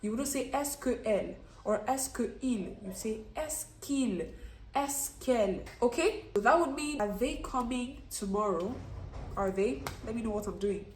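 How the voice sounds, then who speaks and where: A woman's voice: on the high side, expressive, measured pace, a little mellow, roomy sound, a little hiss or hum. A woman teaching French online, who puts questions to her learners and then answers them herself. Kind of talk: online language lesson.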